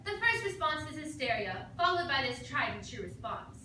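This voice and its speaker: High, bright female comic, mock-serious tutorial delivery, recorded far off in an echoey room. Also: big pitch swings, brisk, slight background noise. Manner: mock-serious, overly dramatic. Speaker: comedy performer. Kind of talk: mock instructional comedy skit.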